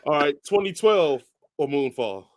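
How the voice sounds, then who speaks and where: A man co-hosting a podcast, chatting casually about movies, who often agrees with quick repeated words and laughs along. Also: a little high, expressive, no room sound, clean studio sound. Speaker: podcast co-host. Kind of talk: casual movie review chat.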